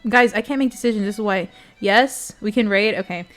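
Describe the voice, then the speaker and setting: A woman's voice: mid-range voice, fairly quick, faint music behind. A young woman streamer in casual chat with her viewers, giggly and emotional, talking straight to her chat.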